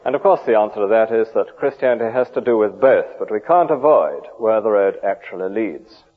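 A man's voice: on the low side, expressive, a little fast. A man preaching a sermon, rhetorical with vivid emphasis and dry humour. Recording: tinny, phone-like old radio broadcast.

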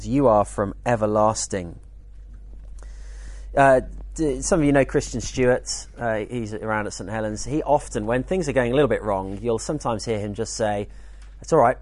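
A man teaching at a church weekend, speaking in a conversational, lively way with jokey asides. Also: medium pitch, dry recording. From United Kingdom. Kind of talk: teaching talk.

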